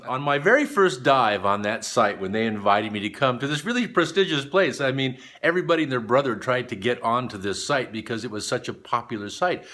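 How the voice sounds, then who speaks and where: Animated man telling a diving story. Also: medium pitch, brisk, few pauses. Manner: animated storyteller, voices the people in his story, laughs often. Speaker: vlogger. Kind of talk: motivational storytelling vlog.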